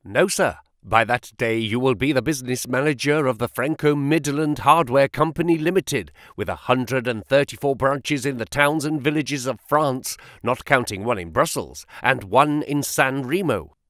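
A man voicing a brisk, smooth-talking male financial agent who speaks quickly and sharply in an audiobook reading. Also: mid-range voice, no echo, clean studio sound, close to an everyday voice. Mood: persuasive. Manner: quick, sharp, flattering and excitable. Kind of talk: audiobook character voice.

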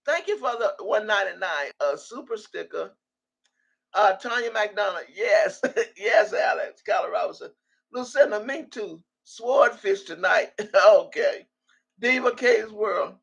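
An older woman in her sixties, talking through a laid-back livestream. Her voice is gravelly and husky, with a rough, breathy edge. She reads comments aloud in a salty, easygoing way and laughs often. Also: mid-range voice, lively intonation, a little slow. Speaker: livestream host reading viewer comments. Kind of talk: casual livestream chat.

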